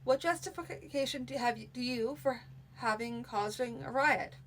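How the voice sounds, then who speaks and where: Brief: commanding male baron in a storybook reading, dry and measured; woman reader voices him. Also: a little high, slight background noise, close to an everyday voice, poor audio.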